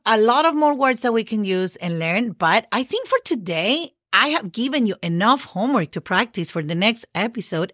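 A Spanish teacher hosts a podcast lesson, patiently spelling words out letter by letter and often checking in with "okay?". Her voice is fairly high and fairly bright, recorded cleanly in a studio with no room sound.

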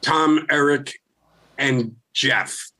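A man's voice: mid-range voice, drawn-out words, bright, forceful tone. A middle-aged man from Philadelphia, a guest musician telling a rambling, profane story in casual chat. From Philadelphia, USA.

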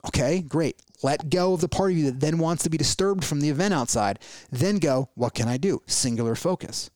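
A man's voice: on the high side, lively intonation, quick pace, darkish tone, no room sound. Earnest man, dry close sound. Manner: earnest, repetitive, acts out inner worries in quoted asides. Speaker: podcast host. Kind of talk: casual motivational podcast talk.

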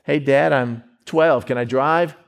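A man's voice: mid-range voice, slow pace, vocal fry, smooth. A man voicing a petulant twelve-year-old boy pleading with his father. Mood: whiny pleading.

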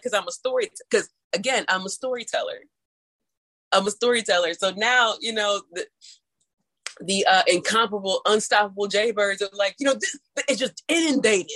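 A woman from St. Louis with a St. Louis accent, telling stories in casual chat, animated and laughing, with big leaps in pitch. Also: moderate pace, rough recording. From St. Louis, USA. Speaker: storyteller guest.

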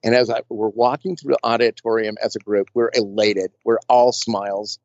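A man's voice: on the low side, fairly even intonation, moderate pace, a little mellow, no echo. Chatty rambling man, dull dry sound. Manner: chatty, rambling, full of fillers and restarts. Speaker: makeup artist guest. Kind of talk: casual storytelling interview.

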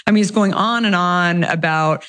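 A woman guest telling how she founded her company, talking in a lively, rambling way with many fillers and restarts. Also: lowish voice, normal speed. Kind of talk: conversational interview storytelling.

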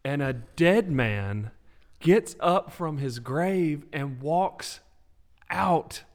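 Animated preaching man. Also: on the high side, drawn-out words. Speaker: podcast co-host. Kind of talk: faith podcast discussion.

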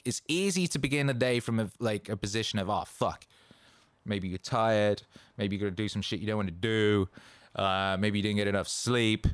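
A man hosting a casual motivational monologue, swearing freely and rambling with bursts of excitement. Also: fairly low pitch, no echo. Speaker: host.

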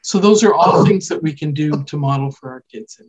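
A woman's voice: low-pitched, a little fast, a little mellow, husky, dull audio. A woman from Canada, a child development specialist, explaining parenting ideas in an earnest, conversational way on a podcast. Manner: earnest, explanatory, often says "right?" and "you know".

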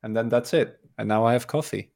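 A man's voice: medium pitch, fairly quick, gravelly, a little mellow. A man explaining something step by step in a casual stream chat, full of fillers.

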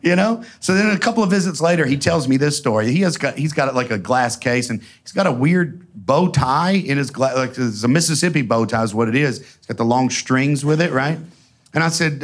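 A man telling profane, animated stories in a casual way, laughing often. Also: medium pitch, fast talker. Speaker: storyteller guest. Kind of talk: casual storytelling before an audience.

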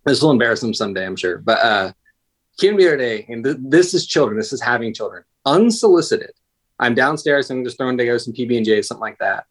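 Casual male podcast guest in his thirties, mid-pitched, who tells loose, rambling stories. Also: lively intonation, fast. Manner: rambling, self-interrupting storyteller. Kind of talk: casual conversation.

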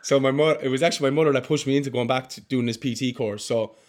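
An earnest young man in his twenties, speaking as a podcast guest in a heartfelt, casual way. His pitch sits in a middle range, and his talk is loose and friendly, full of "mate" and "bro". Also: fast. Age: 20s.

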